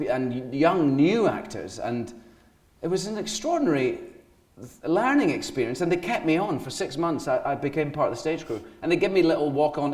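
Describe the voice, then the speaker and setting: In a roomy-sounding recording, a Scotsman in his forties with a mid-range voice appears as a guest actor in a live stage interview. He tells rambling, animated stories and laughs as he goes.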